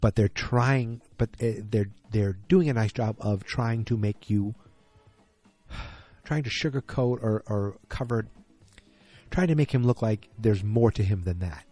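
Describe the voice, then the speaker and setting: A man with a husky, mellow voice talks through a solo podcast recap, rambling and opinionated, stopping and restarting often. Faint music sits underneath. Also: on the low side, unhurried. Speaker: podcast host.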